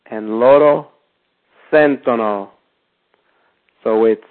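A male teacher walks beginners through verb endings at a very unhurried pace, stressing each form with patient care. His voice sits at a middling pitch. The recording is thin and tinny, like a phone line. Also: fairly even intonation. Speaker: language teacher. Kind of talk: slow step-by-step language lesson.

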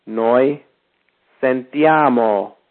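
A male teacher walks beginners through verb endings at a very unhurried pace, stressing each form with patient care. His voice sits at a middling pitch. The recording is thin and tinny, like a phone line. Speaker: language teacher. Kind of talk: slow step-by-step language lesson.

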